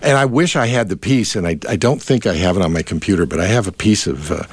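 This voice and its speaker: A man's voice: low-pitched, fast talker, husky, dry recording. A middle-aged man hosting a casual radio chat, rambling with many fillers and restarts. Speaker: radio host.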